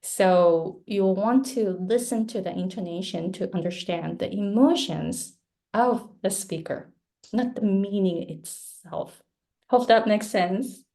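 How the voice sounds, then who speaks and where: A woman whose first language is Japanese answers audience questions as a guest speaker. She talks slowly, explains patiently and gives examples. Her voice is mellow and warm. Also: mid-range voice, creaky. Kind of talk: online webinar Q&A answer.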